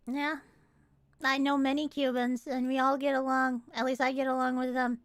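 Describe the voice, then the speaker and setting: High-voiced, slow-talking woman streamer. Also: smooth, no echo. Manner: excitable and profane, swears freely. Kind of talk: casual livestream chat.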